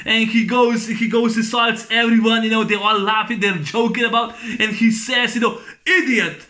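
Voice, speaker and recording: A man with a high, bright voice talks through a movie review in a loose, casual way. He rambles, leans on fillers and keeps breaking into laughter as he retells scenes. The tone stays crisp and forward throughout. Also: level tone, moderate pace. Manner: rambling, full of fillers and "you know".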